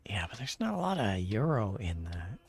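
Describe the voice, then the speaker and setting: A man streaming a game, chatting casually and answering his viewers in a rambling, low-key way. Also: sing-song, moderate pace, gravelly, husky. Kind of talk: casual chat while gaming.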